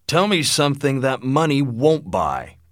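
A man voicing a blunt, wealthy old father who lectures his son forcefully, in a lively but dry-sounding reading. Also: medium pitch, a little slow, dry recording, pitched above the performer's own voice.

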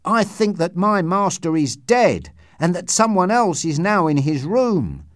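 A fearful, deferential old manservant, as a male reader puts him on, pitched up and loud with anxiety. The sound is dry and close. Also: expressive, measured pace, dry recording. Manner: deferential, anxious, keeps saying sir. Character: frightened old male servant, long-serving, deferential.

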